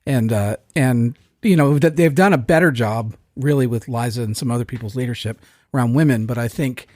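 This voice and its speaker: A man's voice: mid-range voice, a little fast, darkish tone, no room sound, studio quality. A middle-aged man on a podcast panel, making his points earnestly and persuasively. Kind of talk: casual chat.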